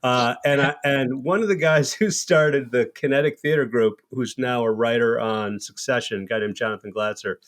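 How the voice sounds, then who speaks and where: A man in his fifties, a podcast host telling a long, animated anecdote in casual chat with plenty of restarts. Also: mid-range voice, moderate pace, few pauses. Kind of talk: casual storytelling.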